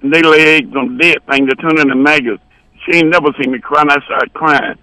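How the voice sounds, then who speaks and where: A man's voice: fairly high pitch, steady tone, a little fast, pushed and bright, no echo, poor audio. A man telling rambling, bawdy stories as a guest on a radio show. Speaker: guest musician. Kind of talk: casual storytelling on radio.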